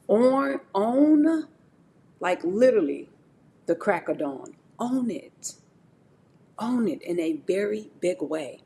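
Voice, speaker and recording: A middle-aged woman talking on a live stream, giving an animated, preachy motivational talk about faith and speaking straight to her chat. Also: mid-range voice, slow pace, creaky, long pauses, a little hiss or hum.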